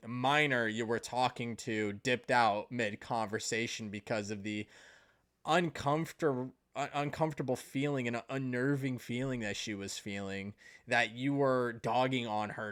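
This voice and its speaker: A man's voice: medium pitch, a bit bright. A man doing an angry commentary video, speaking bluntly and indignantly, swearing and retelling what others said. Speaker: commentary YouTuber.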